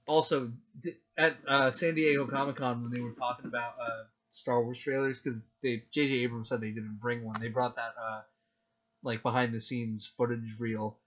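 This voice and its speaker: A man co-hosting a podcast in casual chat, excitable and gushing, acting out his own reactions. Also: mid-range voice, moderate pace, highs cut off. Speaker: podcast co-host.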